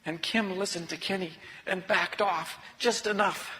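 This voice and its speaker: Male storyteller, slightly high voice, earnest and confessional, hushed then intense, long hall echo. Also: steady tone, measured pace. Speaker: author and speaker. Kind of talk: personal storytelling talk. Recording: long reverb of a large hall.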